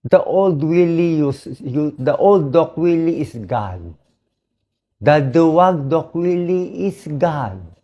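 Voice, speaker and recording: A hoarse man with a Filipino accent, a doctor speaking earnestly in an emotional personal monologue, switching between English and Tagalog. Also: a little high, expressive, slow, muffled recording.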